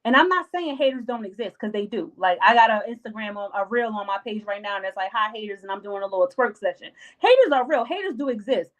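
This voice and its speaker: A woman's voice: medium pitch, animated, fast talker, few pauses, lo-fi sound. A young adult woman hosting a live stream, giving casual life advice in an emphatic, slangy, repetitive way and acting out her friends' lines.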